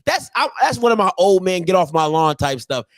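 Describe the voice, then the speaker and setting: A man, hosting a casual sports chat to camera, ranting and poking fun at old-timers with loud put-on voices. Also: sits high, sing-song, fairly quick, no room sound, studio quality. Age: 30s. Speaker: show host.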